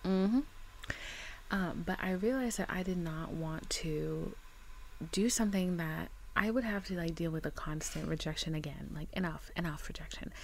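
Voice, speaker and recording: A young woman rambles to her camera in easy casual chat, her lowish voice full of gravelly fry. She talks straight to her viewers like a close friend, with a faint hiss of noise in the background. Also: normal speed. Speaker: vlogger. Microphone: camera mic.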